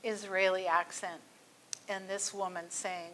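A woman's voice: on the high side, moderate pace, bright, forceful tone, slight background noise. A middle-aged woman teaching a church class, telling personal stories in a chatty way with many fillers.

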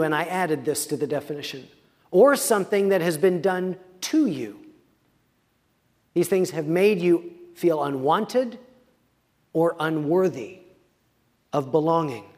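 A man preaching a sermon as a pastor, reading scripture slowly with quiet, dramatic pauses. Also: high voice, in a large hall.

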